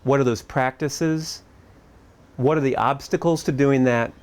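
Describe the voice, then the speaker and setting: Speaking a bit slowly in a mid-range voice, a middle-aged man offers a reflective talk at a family camp. He keeps it conversational, challenges listeners with searching questions, and sprinkles in light humor.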